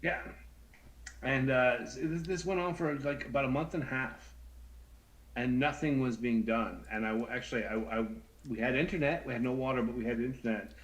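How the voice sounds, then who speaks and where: Co-host, a man in his thirties, chatty and animated, repeating himself as he tells a story. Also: mid-range voice, normal speed, low-quality recording. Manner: animated, stammering, acts out voices in anecdotes. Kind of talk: casual storytelling chat.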